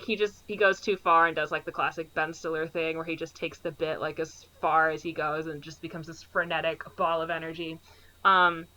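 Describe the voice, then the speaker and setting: A woman's voice: lowish voice, pushed and bright, rough recording. A woman co-hosting a podcast, casually recapping a movie plot and filling her sentences with "like". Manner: rambling, heavy use of "like" fillers. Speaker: podcast co-host.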